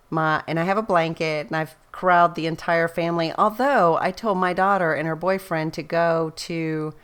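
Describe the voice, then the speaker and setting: A woman's voice: deep voice, clean tone. A middle-aged woman, a scrapbooking vlogger rambling in casual, chatty storytelling and laughing often. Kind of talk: casual chat.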